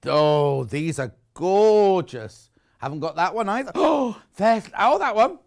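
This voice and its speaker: A man's voice: high-pitched, very animated, a little slow, vocal fry. A British man presenting live on a shopping channel, chatty and gushing as he shows off fabrics. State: out of breath. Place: TV studio.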